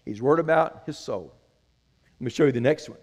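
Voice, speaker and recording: A man's voice: mid-range voice, a little fast, a little mellow, long reverb tail. A man preaching a sermon as pastor, earnest and conversational, asking the congregation questions.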